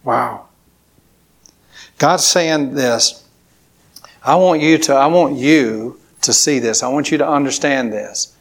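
A man's voice: medium pitch, takes it slowly, pauses often. A man preaching a sermon to a congregation, emphatic, with repetitions and call-and-response. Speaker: pastor.

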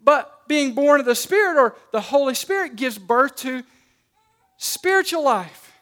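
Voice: sits high, lively intonation, unhurried, fairly bright tone. A pastor preaching a sermon in a conversational way, often restarting and repeating words and leaning on key words.

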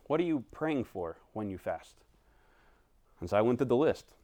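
A pastor, a man in his thirties, preaching a conversational sermon that swings from animated stretches to hushed, quiet passages. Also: medium pitch, normal speed, long pauses, no echo.

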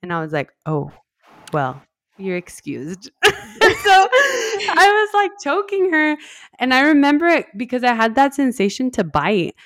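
This podcast host, a young adult woman, speaks at normal speed in a high-sitting voice with no echo. Telling the story of giving birth, she chats casually, says "like" constantly, laughs, and performs the quoted lines animatedly.

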